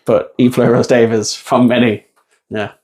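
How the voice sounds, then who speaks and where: A man's voice: mid-range voice, flat delivery, moderate pace, dark tone. A man who is a guest on a podcast, speaking in a wry, reflective way with small hesitations. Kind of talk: casual conversational podcast.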